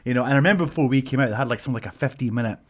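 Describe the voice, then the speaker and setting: A Scottish man, a pro wrestler in his thirties, casually telling stories to camera, animated and swearing freely. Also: mid-range voice, very fast. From Scotland. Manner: animated, swears freely, acts out shouts from the ring.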